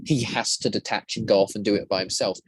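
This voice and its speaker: A man's voice: lowish voice, steady tone, fast talker, husky, no room sound. A man speaking as a guest voice actor and prop maker in casual podcast chat, rambling with many restarts.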